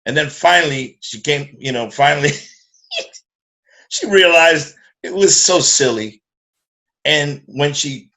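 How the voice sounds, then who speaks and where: Animated, bright-voiced storyteller man. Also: mid-range voice, moderate pace. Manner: animated, profane, acts out quoted voices. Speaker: guest musician. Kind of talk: casual storytelling.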